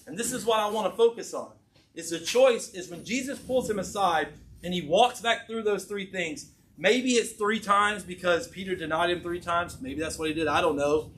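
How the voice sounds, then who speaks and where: Casual, animated male preacher. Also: high-pitched, a little hiss or hum. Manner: conversational, animated storytelling with casual slang. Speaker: pastor. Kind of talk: sermon.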